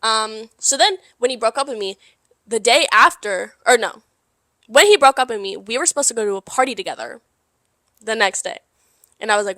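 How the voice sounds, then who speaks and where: Young woman, bright voice, slightly high, dry close sound, swearing, animated storytelling. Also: fairly quick, no echo. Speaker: podcast co-host. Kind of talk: casual chat.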